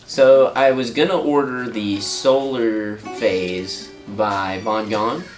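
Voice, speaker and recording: Male livestream co-host: lowish pitch, loose joking chat, guitar playing audible underneath. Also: steady tone, slow pace. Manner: loose, self-mocking, swears casually. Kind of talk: casual chat.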